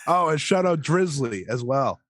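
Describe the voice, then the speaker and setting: Lively sick man trading dry quips. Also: a little high, normal speed, no echo. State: sick, coughing. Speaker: podcast co-host. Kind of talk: casual chat.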